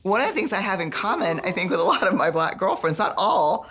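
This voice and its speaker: Animated woman telling stories. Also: lowish voice, quick pace, a crowd in the background. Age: 40s. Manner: animated, laughing storyteller. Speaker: guest author. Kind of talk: storytelling in a podcast conversation.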